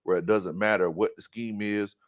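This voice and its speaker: A man hosting a casual sports talk show, animated and quick to laugh. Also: fairly low pitch, muffled recording. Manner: animated, breaks into loud laughs and shouts, does voices.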